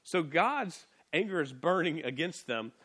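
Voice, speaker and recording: A man with a fairly high voice preaches in a loose, conversational way. He is animated and lively, dropping into little voices as he retells the story. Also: measured pace, slightly rough. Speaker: pastor. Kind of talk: sermon.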